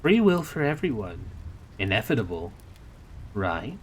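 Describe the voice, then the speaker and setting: A man's voice: fairly low pitch, very animated, a little slow, slight background noise. A man voicing a sly, cynical male demon who talks in a snappy, sarcastic way. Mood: flippant.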